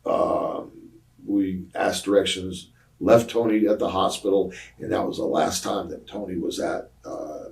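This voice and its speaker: A very low-voiced older man spins long anecdotes from his wrestling days, hesitating often and slipping into the voices of the people he quotes. He sits a little back from the microphone, so he sounds slightly distant. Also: fairly even intonation, unhurried, vocal fry, darkish tone. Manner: rambling anecdotes with many fillers, acting out quoted voices. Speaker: retired pro wrestler, interview guest. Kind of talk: casual storytelling interview.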